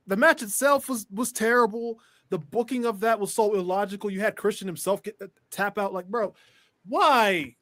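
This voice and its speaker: A man's voice: sits high, normal speed, a bit bright, no room sound, studio quality. A man co-hosting a wrestling podcast, reacting with disbelief and firing off questions. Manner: incredulous, reactive. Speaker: podcast co-host. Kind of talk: heated casual chat.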